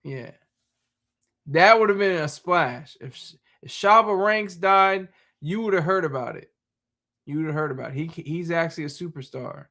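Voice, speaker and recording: Casual male streamer, high voice, bright tone, chatty and laughing. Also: normal speed. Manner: rambling, laughs often, talks to chat. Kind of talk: casual live-stream chat.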